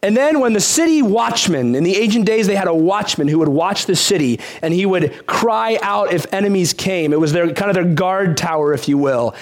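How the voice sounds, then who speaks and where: Brief: male pastor, high voice, conversational sermon with rhetorical questions. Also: animated, normal speed.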